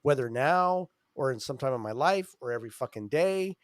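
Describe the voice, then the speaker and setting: A man co-hosting a podcast, talking with excitement, swearing often and trailing off mid-thought. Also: mid-range voice, moderate pace, no echo, clean studio sound. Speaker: podcast co-host. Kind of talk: casual chat.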